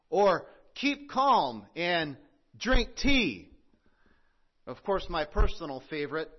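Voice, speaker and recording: A man preaching a sermon, earnest and measured, with emphatic pauses. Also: on the high side, muffled recording. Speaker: pastor.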